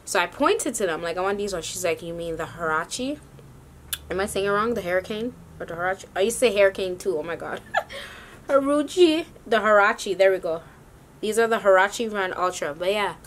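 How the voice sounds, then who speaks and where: A woman's voice: on the low side, fairly bright tone, slight background noise. A woman vlogging a sneaker haul, rambling and casual with lots of slang. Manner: chatty, rambling, slangy ("yo", "y'all").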